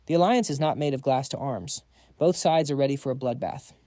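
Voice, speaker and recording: A man's voice: medium pitch, a little fast, mellow, dry recording, studio quality, close to an everyday voice. A man voicing a nervous, fawning male monk henchman. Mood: tense.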